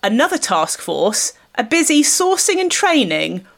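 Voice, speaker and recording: A woman, co-hosting a comedy podcast, pitching an absurd protest stunt with mock-earnest conviction. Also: very animated, a little slow, vocal fry, a bit bright. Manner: earnest mock-activist delivery, breaks into laughter.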